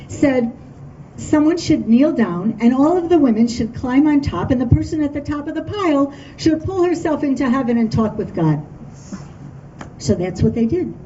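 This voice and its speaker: A woman storyteller telling a folk tale to an audience at a dinner event, in a lively, expressive way. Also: on the high side, slight background noise. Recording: dull distant room recording with faint ambience.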